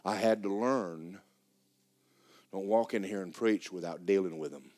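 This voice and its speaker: Low-voiced preacher, loud then hushed. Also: male voice, a little slow. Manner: swings from loud excited storytelling to low hushed tones. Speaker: pastor. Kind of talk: sermon. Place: church sanctuary.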